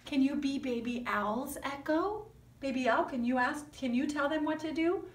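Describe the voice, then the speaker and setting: A woman's voice: sits high, normal speed. A woman teaching a kindergarten music class with puppets, coaxing children with sing-song questions. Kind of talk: online music lesson with puppets. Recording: roomy sound from a distant mic.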